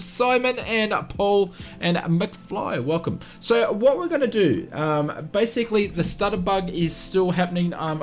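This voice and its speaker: A man's voice: sits high, a bit bright. A man with an Australian accent, hosting a flight sim live stream and greeting viewers in a chatty, friendly way with many fillers.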